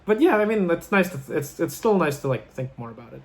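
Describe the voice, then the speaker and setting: A man's voice: a little high, sing-song, fast. A man casually recapping a film scene by scene, rambling with lots of fillers and restarts. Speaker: film podcast host.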